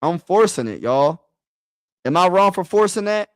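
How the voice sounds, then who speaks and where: A man's voice: high voice, very animated, moderate pace, dry recording, clean studio sound. Chatty man live-streaming to his chat. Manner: talks to chat, repeats himself, casual slang. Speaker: sports streamer.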